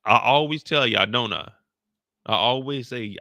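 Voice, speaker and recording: A man's voice: mid-range voice, measured pace, pushed and bright, dry recording, clean studio sound. Slangy, joking man recapping a show. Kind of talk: casual reaction commentary.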